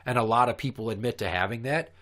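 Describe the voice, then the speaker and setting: A man's voice: medium pitch, fast talker, a bit bright. Blunt, profane man on a podcast. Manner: blunt, profane, heated storytelling. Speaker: podcast co-host. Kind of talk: casual podcast chat.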